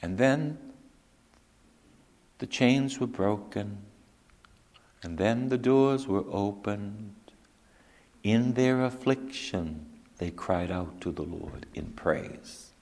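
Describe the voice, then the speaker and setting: A man preaching a sermon, slow and repetitive, who drops to hushed whispers for emphasis. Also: lowish voice, long reverb tail.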